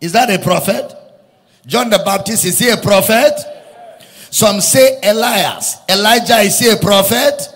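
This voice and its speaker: A man's voice: sits high, a little slow, a bit bright, long reverb tail. A man preaching a sermon with emphatic repetition, often rising into a sing-song preaching cadence. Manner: emphatic, repeats lines, rises into sung preaching cadence.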